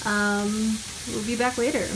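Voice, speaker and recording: A woman's voice: on the high side, flat delivery, a little slow. A young woman narrating a casual weekend vlog on a handheld camera, chatty, with laughs and many fillers. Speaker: vlogger. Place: outdoors by a mountain lake, later a hotel room. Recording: loud outdoor background noise.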